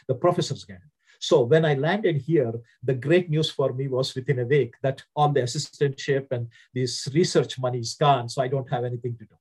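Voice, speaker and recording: A man's voice: medium pitch, darkish tone, slightly rough. A man from India with an Indian accent, telling his story earnestly as an interview guest.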